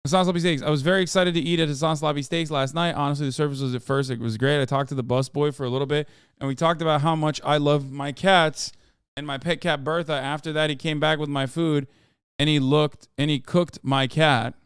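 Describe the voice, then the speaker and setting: A man hosting a livestream in casual chat, reading viewer posts aloud in an offhand, sarcastic way with loud outbursts. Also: fairly high pitch, steady tone, a little fast, clear, resonant tone, no room sound, clean studio sound. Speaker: livestream host.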